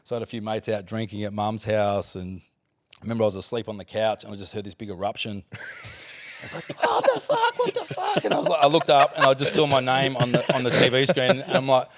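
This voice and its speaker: A man's voice: on the low side, fast, crowd noise. A man in his forties with an Australian accent, a former footballer telling casual stories as a podcast guest, laughing often and swearing freely. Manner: laughing, swearing, animated anecdotes. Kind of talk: casual storytelling.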